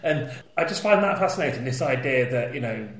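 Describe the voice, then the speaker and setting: A man's voice: medium pitch, animated, brisk. Hesitant man host in an echoey room. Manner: hesitant, repeats words while forming thoughts. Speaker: podcast host. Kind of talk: casual conversational interview.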